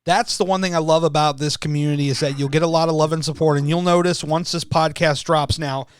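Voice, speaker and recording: A man hosting a podcast in casual chat, enthusiastic and quick to laugh, sometimes tripping over his words. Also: a little high, steady tone, clear, resonant tone, no room sound, clean studio sound. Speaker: podcast host.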